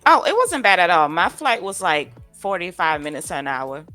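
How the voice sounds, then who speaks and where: A woman's voice: on the low side, big pitch swings, moderate pace, bright, forceful tone, faint music behind. A woman from Louisiana chatting easily as a guest, laughing often. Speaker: guest streamer. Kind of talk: casual interview chat.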